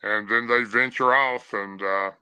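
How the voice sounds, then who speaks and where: A man recounts a frightening encounter as a podcast guest. His voice is intensely bright and crisply clear. He talks plainly, stopping often on "uh", and the sound is dry with no room echo. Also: fairly low pitch, fairly even intonation. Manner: plain storyteller with frequent "uh" pauses. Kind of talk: first-person encounter story.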